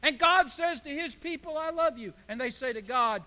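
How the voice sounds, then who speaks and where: A man's voice: very high voice, expressive, normal speed, few pauses, sharp tone. A man preaching a sermon as pastor, building to emphatic bursts. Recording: echoey hall.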